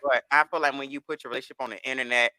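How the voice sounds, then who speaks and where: A man's voice: mid-range voice, fairly even intonation, very fast, pushed and bright, no room sound. A man as a podcast guest, telling candid stories in casual chat and slipping into the voices of people in them. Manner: candid storytelling, slips into voices of others.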